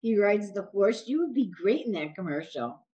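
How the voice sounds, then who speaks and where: A woman's voice: mid-range voice, expressive, normal speed, dark tone, dull audio. A woman co-hosting a podcast who chats casually and laughs often.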